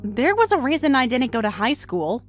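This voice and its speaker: A woman voicing a polite, patient young wife in a dramatized text-message story, speaking gently and calmly. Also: on the high side, normal speed. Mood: mild. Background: faint music.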